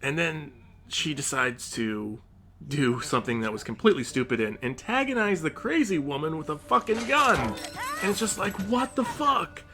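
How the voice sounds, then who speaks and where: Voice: mid-range voice, animated, moderate pace, pushed and bright. A gaming commentator in a profane, exasperated rant about a game, with frequent outbursts of rising disbelief.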